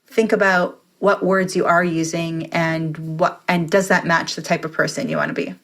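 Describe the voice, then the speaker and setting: A woman's voice: fairly low pitch, little pitch movement, moderate pace, fairly bright tone. Earnest reflective woman guest. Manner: earnest, reflective, explaining at length. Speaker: podcast guest. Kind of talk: conversational interview.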